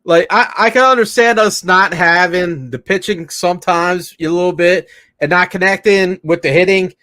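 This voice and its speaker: A man's voice: high voice, normal speed, sharp tone, dry recording. A man co-hosting a casual sports podcast, talking in a laid-back, hesitant way full of "man" and "dude.". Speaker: podcast co-host.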